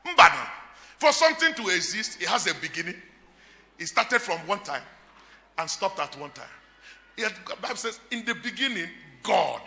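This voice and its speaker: High-voiced Nigerian pastor preaching. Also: male voice, sing-song, moderate pace, pauses often. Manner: emphatic, with repeated phrases and shouted peaks. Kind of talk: sermon. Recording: echoey hall reverb.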